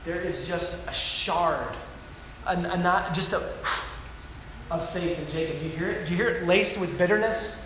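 Male pastor with a high voice, dramatic sermon reading, echoey church hall. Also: normal speed, background noise. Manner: dramatic scripture reading with emphatic asides. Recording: echoey hall with long reverb.

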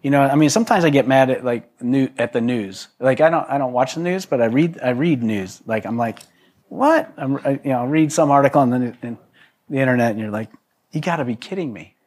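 A man's voice: mid-range voice, fast, darkish tone. A man preaching to a congregation in a loose, conversational way, with joking asides and frequent restarts. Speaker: pastor. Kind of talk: conversational sermon.

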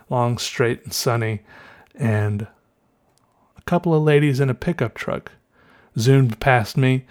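A man with a Southern US accent talking to his viewers in a casual, meandering way, correcting himself and musing aloud. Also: mid-range voice. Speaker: vlogger. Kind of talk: casual rambling monologue.

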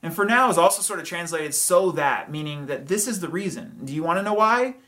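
A pastor walks through a passage in a relaxed, talky sermon. The delivery is full of rhetorical questions and quick asides. The pitch sits at a middle height. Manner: conversational preaching with hedges, rhetorical questions and chuckles.

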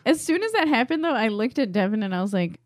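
Young woman in a fast fun tv recap, fairly high voice, acts out the lines, dry close sound. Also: no echo. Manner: animated storyteller, acts out characters' lines. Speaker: podcast co-host. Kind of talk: casual chat recapping a TV episode.

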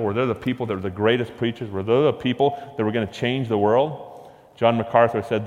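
A man preaching a sermon, asking rhetorical questions and driving points home with emphatic repetition. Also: on the low side. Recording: long hall reverb.

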